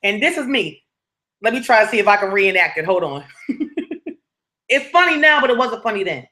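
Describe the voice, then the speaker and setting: A woman's voice: mid-range voice, lively intonation, brisk, bright, forceful tone. A young woman casually telling a personal story to her viewers, slangy and conversational, often checking that listeners follow.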